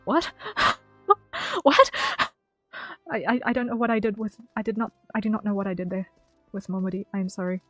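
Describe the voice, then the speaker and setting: A woman's voice: mid-range voice, fairly even intonation, moderate pace, a bit bright, no echo, soft background music. Rambling young woman streaming a game. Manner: rambling, self-correcting, laughs at herself. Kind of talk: casual gameplay commentary.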